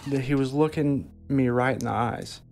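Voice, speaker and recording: Gravelly-voiced man, halting testimony. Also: mid-range voice, a little mellow, slight background noise. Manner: halting, hesitant, with frequent restarts. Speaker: interviewee recounting an encounter. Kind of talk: documentary interview testimony.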